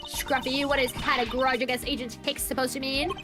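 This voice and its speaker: A woman voicing a composed, sharp male prosecutor who speaks in a measured, deliberate way. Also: high-pitched, little pitch movement, natural voice. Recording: streamed voice over game music.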